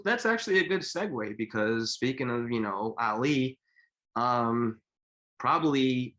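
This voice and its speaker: Male podcast co-host, casual and animated, mid-range voice, good at storytelling. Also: mid-range voice. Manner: animated storyteller, acts out quotes. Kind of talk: casual chat.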